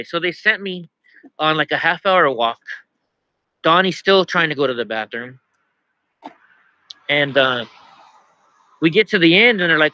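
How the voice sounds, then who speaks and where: A man's voice: on the high side, normal speed, long pauses, sharp tone, no echo, low-quality recording. A man telling a story in a casual vlog, exasperated, repeating himself as he complains. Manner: exasperated, repeats himself, quotes others in his own voice. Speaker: vlogger.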